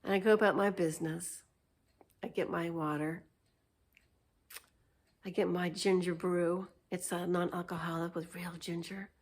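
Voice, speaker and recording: Slow-talking lady vlogger rambling through a story, laughs a lot, lots of ums. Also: fairly low pitch, steady tone. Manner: chatty, laughs often, meandering with fillers. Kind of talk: unscripted casual storytelling vlog.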